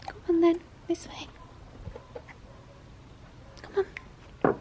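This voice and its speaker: A young woman, a vlogger, talking to her dogs at home in doting sing-song baby talk, with gasps and soft whispers. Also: extremely high pitch, sing-song, drawn-out words, long pauses, a little hiss or hum. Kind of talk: casual vlog chat to her dogs. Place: home, indoors.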